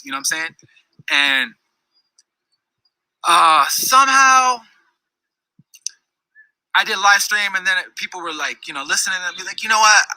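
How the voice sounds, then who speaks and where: A man's voice: fairly high pitch, sharp tone, no room sound, poor audio. A man telling a long personal story in a casual, heated, rambling way, full of restarts and asides. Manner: heated, rambling, many restarts and "you know what I'm saying". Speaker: storyteller recounting a dispute.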